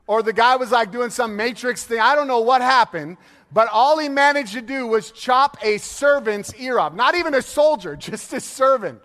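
Preaching with a very high voice, this male pastor tells his sermon as a string of animated stories, laughing and imitating those he quotes. The sound carries a long reverb from the hall.

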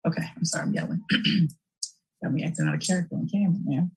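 A woman hosting a casual livestream chat, animated and emotional, breaking into loud shouts. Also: low voice, fast, creaky, breathy edge, low-quality recording. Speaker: livestream host and aunt.

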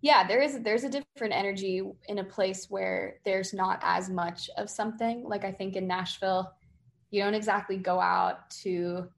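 A woman's voice: medium pitch, normal speed, creaky. Young songwriter woman from boston area, chatty, lots of likes and you knows, acts out little quotes. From Massachusetts, near Boston. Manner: chatty, many fillers, animated quoting. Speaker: singer-songwriter guest. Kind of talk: casual interview.

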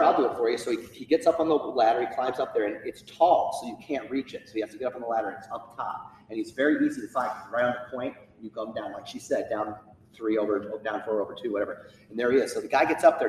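A male teacher telling a personal story to an audience, animated and acting out what people said. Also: mid-range voice, fast. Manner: animated storyteller, acts out quotes. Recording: echoey hall, distant mic, faint noise.

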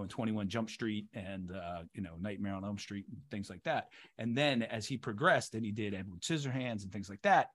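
A man, an actor being interviewed, talking in an animated and emphatic way. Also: lowish voice. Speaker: actor guest. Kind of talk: casual interview chat.

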